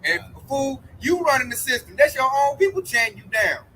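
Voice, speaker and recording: A man's voice: very high voice, big pitch swings, fairly quick, bright, forceful tone, slight background noise, poor audio. A man preaching outdoors by a road, telling stories animatedly with profanity in casual chat. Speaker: street preacher.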